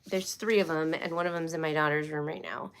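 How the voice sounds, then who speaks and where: A woman's voice: deep voice, fairly even intonation, brisk, a little hiss or hum. Chatty, rambling woman streaming live. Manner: chatty, rambling with many fillers and restarts. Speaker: homeschool livestream host. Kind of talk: casual live-stream chat.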